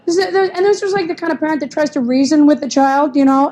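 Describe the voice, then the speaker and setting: A woman's voice: high voice, fast, mellow, rough recording. A woman doing a chatty, sarcastic stand-up set on a club stage. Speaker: stand-up comedian. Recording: faint club noise. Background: audience laughter.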